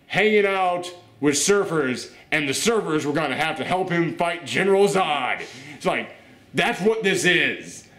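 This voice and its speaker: A man's voice: high-pitched, reverberant. A man hosting a casual review chat, ranting in an exasperated way. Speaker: host.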